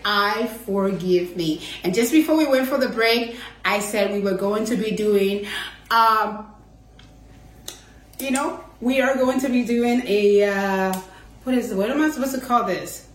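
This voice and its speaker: A woman's voice: on the high side, measured pace. A woman hosting an inspirational talk episode, heartfelt and chatty, laughing often as she encourages listeners. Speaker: host. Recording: roomy echo.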